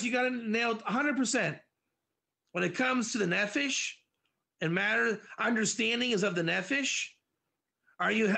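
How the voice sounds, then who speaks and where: Male Torah teacher, high gravelly voice, animated and talkative in class. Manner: animated, dramatizes examples, answers students by name. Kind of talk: interactive class on Proverbs.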